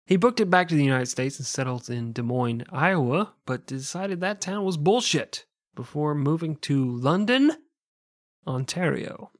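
A man with a fairly high voice narrates a true crime tale in a loose, joking way, dropping curses and laughing along. The sound is dry and close, with no room around it. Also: animated, moderate pace, no room sound. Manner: profane, joking, laughs often. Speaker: podcast co-host telling a true crime story. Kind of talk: casual storytelling with jokes.

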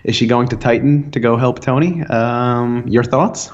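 A young man co-hosts a podcast in relaxed, casual talk, full of fillers. The audio is dull and lo-fi. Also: medium pitch, measured pace. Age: young adult. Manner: easygoing, filler-heavy. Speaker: podcast co-host. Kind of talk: casual chat. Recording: dull lo-fi sound.

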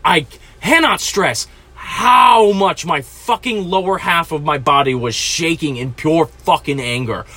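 Podcast host, 20s man, angry profane storyteller, bright sharp voice. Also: on the high side, a little slow, husky, dry recording. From New Jersey. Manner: furious, profane, ranting.

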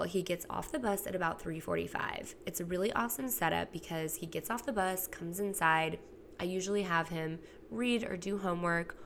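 A woman's voice: lowish voice, gravelly, a bit bright, slight background noise. A woman in her thirties hosting her own podcast from home, talking candidly and casually, swearing freely and acting out quotes. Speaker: podcast host. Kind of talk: casual solo podcast monologue. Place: home, recorded alone.

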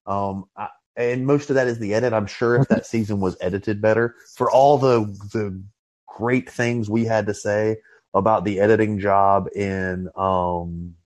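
A man hosting a podcast in relaxed, casual chat. His voice sits a little low for a man, and he often pauses on fillers and restarts as he talks. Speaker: podcast host.

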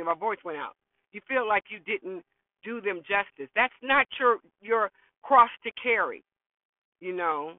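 With a mid-range voice and no room sound, this middle-aged woman hosts a show and hammers home blunt motivational advice, repeating herself to stress each point. The audio is dry and lo-fi, like a phone recording.

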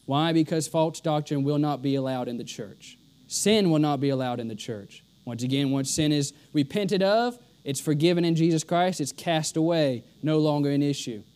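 A man delivering a sermon in a notably high voice. He presses each point hard and often says it twice for weight. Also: moderate pace, a little mellow, smooth. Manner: emphatic, repeats lines for stress. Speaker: preacher.

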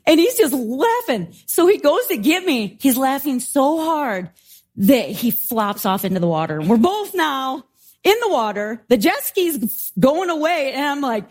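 A middle-aged woman preaching a sermon and telling a story in an animated, laughing way. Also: high voice, measured pace. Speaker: pastor.

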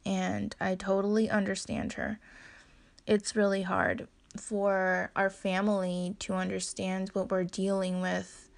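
A young woman speaking slowly and unhurriedly to her viewers, her voice carrying a slight gravelly fry. She talks gently and sincerely, dropping now and then into soft laughs and whispered asides. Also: medium pitch, completely flat delivery. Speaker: vlogger. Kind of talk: personal talk to camera.

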